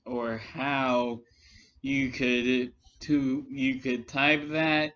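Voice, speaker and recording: A man giving a rambling, exasperated response rant in a vlog, with many halting restarts. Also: mid-range voice, flat delivery, a bit bright, lo-fi sound, slight background noise. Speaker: commentary vlogger.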